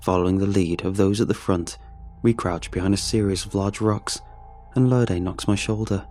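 A man's voice: sits low, steady tone, normal speed, mellow, faint music behind. A man narrating a first-person adventure story in a wry, conversational way, speaking the lead's lines himself.

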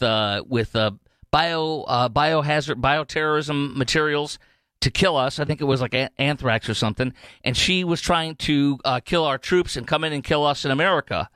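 Rambling talk radio host. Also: male voice, a little high, sharp tone, no room sound, clean studio sound. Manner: rambling, digressive, mocking impressions. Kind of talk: opinionated political talk monologue.

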